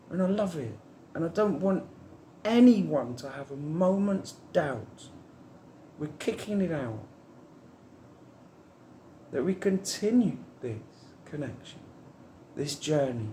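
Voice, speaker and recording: A man's voice: a little high, very animated, slow, pauses often, warm tone, slight background noise. Rambling, heartfelt man in an echoey room. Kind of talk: reflective spiritual monologue.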